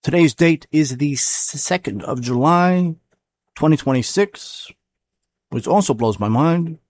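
A man's voice: a little high, lively intonation, measured pace, darkish tone, no echo. A man hosting a solo commentary show, talking casually and rambling, often stopping to correct himself. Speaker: show host.

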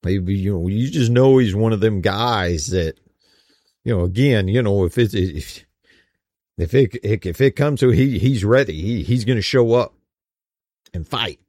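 A man's voice: on the low side, a little slow, a little mellow, no room sound, clean studio sound. A man teaching a Bible study in a casual, conversational way, with folksy slang and frequent "you know.".

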